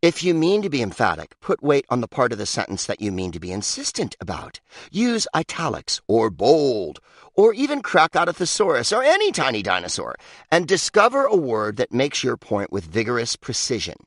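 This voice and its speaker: A man's voice: mid-range voice, wildly swooping pitch, moderate pace, a bit bright, no echo, studio quality. A man reading his own comic book aloud, sardonic and mock-pompous, with big swoops for emphasis. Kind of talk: comic audiobook narration.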